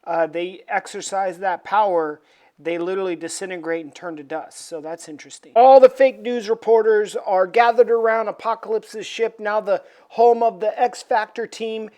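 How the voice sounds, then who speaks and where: A woman's voice: mid-range voice, normal speed, dark tone. A woman casually recapping a comic issue in an irreverent, joking way, with plenty of "uh" fillers. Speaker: comic book reviewer.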